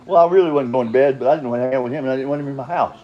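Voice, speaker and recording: A man's voice: mid-range voice, racing, muffled recording. An older man telling his own story in a rambling, casual monologue, blunt and profane, chuckling and drifting off on tangents.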